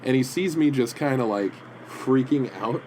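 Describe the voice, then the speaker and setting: A man co-hosting a podcast in casual chat, telling halting, rambling stories full of restarts. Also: mid-range voice, mellow, a little hiss or hum, poor audio. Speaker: podcast co-host. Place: indoor room with comic prints.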